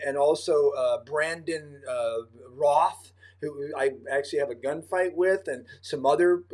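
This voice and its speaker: A male host with a somewhat high voice leads a casual livestream chat. He speaks emphatically and spins anecdotes. He acts out what others said as he goes. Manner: emphatic, storytelling, acts out quoted dialogue.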